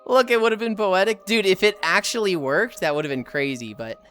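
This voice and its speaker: A woman's voice: mid-range voice, a little fast, faint music behind. A woman in her thirties streaming live, chatting casually with her chat and friends, telling stories with lots of laughter. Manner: animated storytelling, laughs often.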